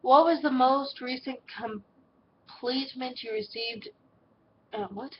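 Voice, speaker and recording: A teenage girl with a twang and a fairly high voice, answering fan questions in a casual home vlog. She talks bluntly, swears freely and slips into quick put-on voices when quoting people. The recording is a little dull and has a faint hiss under it. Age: teens. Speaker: vlogger answering viewer questions.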